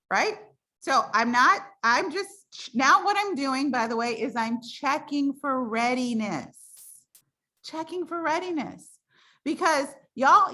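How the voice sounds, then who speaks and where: A woman coaching her sales team on a call, chatty and animated. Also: on the high side. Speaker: direct sales team leader.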